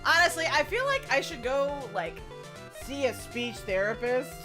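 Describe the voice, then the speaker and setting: A woman's voice: high-pitched, very animated, normal speed. A young woman hosting a game playthrough, chatting and reading the dialogue aloud. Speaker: let's play host. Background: game music.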